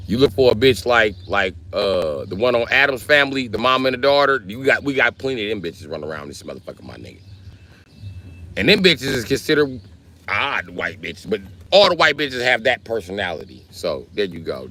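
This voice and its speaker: A man hosting a livestream, chatting casually and telling stories in a profane, animated way. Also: lowish voice, slight background noise. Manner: profane, animated storytelling with voiced asides. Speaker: livestream host.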